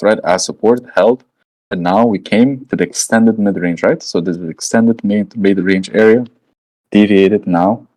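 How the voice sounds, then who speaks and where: A man whose voice is on the low side and a little mellow walks through trading charts as he goes, speaking in a relaxed, slangy way. He's a trading educator who thinks aloud and repeatedly asks "right?" The recording is low quality.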